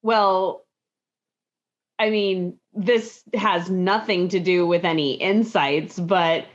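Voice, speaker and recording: A woman's voice: on the low side, fairly even intonation, takes it slowly. A woman co-hosting a podcast in casual chat, agreeable and thinking aloud as she talks. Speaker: podcast co-host. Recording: dull lo-fi sound.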